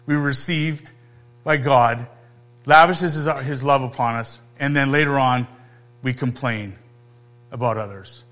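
A male pastor preaching a conversational sermon, emphatic, pausing and posing questions to his listeners. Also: medium pitch, fairly bright tone.

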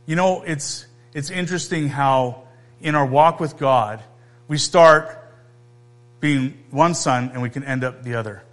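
A male pastor preaching a conversational sermon, emphatic, pausing and posing questions to his listeners. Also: medium pitch, fairly bright tone.

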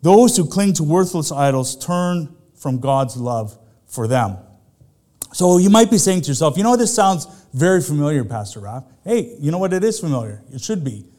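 A man's voice: fairly high pitch, big pitch swings, normal speed, dark tone. A middle-aged man, a pastor, preaching a sermon in a conversational way, full of rhetorical questions to the congregation.

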